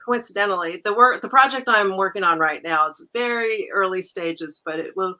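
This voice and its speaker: A woman documentary filmmaker as a guest on a chat show, speaking in a thoughtful, measured, slightly halting way. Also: mid-range voice, pushed and bright, poor audio. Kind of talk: casual interview chat.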